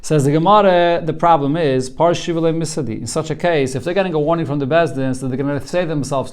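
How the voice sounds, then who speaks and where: A man's voice: a little high, fast, few pauses. A man, a rabbi, teaching a Talmud class, walking students through the text line by line in an earnest way, often repeating a word as he starts a thought.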